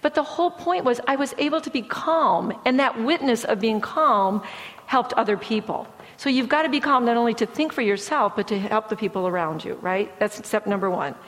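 A woman giving a sermon-style testimony, telling stories in a lively way and acting out what people said. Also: fairly high pitch, brisk. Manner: lively storytelling, acting out quoted speech. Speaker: speaker sharing testimony. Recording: long hall reverb.

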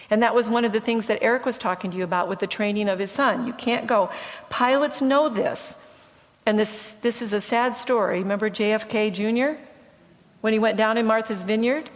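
Woman preaching in a reverberant hall. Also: fairly high pitch. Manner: lively storytelling, acting out quoted speech. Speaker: speaker sharing testimony. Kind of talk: sermon-style testimony.

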